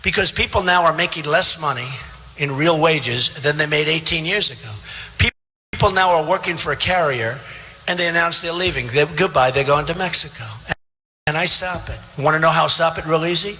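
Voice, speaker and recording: Fairly high-pitched and a little fast, this sharp-toned man in his seventies is a political candidate rambling through a boastful rally speech in a large theater. He repeats himself and talks casually to the crowd while long reverb from the theater PA fills the hall.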